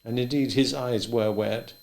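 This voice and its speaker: A man reading a classic novel aloud in a plain, even, unhurried way. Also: medium pitch, vocal fry. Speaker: reader. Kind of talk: audiobook narration.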